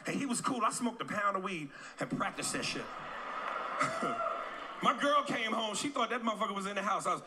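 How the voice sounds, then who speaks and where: A male stand-up comedian performing on a club stage with a brash, profane and animated delivery. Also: sits high, normal speed. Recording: loud noisy live club recording.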